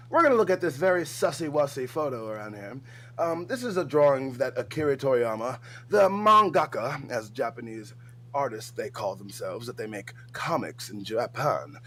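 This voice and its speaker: A man putting on a pompous, stuffy fancy gentleman with overly formal, mock-posh diction as a comedy bit on a livestream. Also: fairly high pitch, wildly swooping pitch, quick pace, slight background noise, heavily acted.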